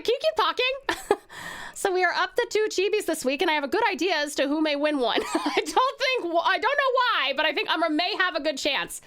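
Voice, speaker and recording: A woman's voice: sits high, a bit bright. A woman streamer chatting casually and giggling while she draws, rambling and reading chat aloud. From Australia.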